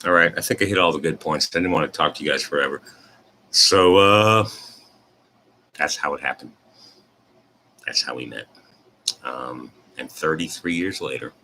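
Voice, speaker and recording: A man in his fifties casually telling a self-deprecating personal story to his viewers, with animated retellings. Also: rumbling low, moderate pace, pauses often, slight background noise. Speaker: host.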